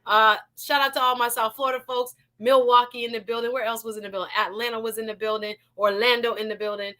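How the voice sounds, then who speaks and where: A woman's voice: on the high side, fast. A Jamaican woman hosting a live online talk show, playful and laughing as she greets viewers in the chat. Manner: lively and playful, laughs often, shout-outs to chat.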